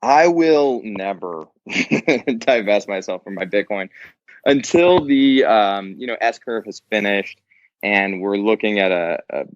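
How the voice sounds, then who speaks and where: Man, interview guest, blunt and profane, lowish voice, dull lo-fi sound. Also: animated, takes it slowly, no echo. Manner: blunt and profane, laughs often. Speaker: podcast guest. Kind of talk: casual interview chat.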